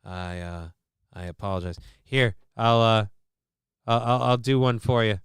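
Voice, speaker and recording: A man's voice: on the low side, fairly even intonation, unhurried, clean tone, no room sound. A man hosting a livestream show, chatting casually with a profane, sarcastic, rambling manner.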